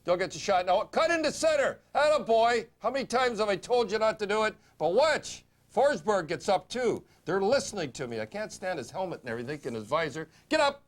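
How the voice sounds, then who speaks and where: A man giving blunt, opinionated, fast-talking hockey commentary in a TV studio segment. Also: sits high, animated.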